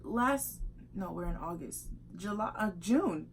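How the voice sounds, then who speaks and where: A woman's voice: mid-range voice, lively intonation, unhurried, slight background noise. A young woman from the United States chatting with her partner in a casual couple vlog, emphatic and laughing often. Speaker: vlogger.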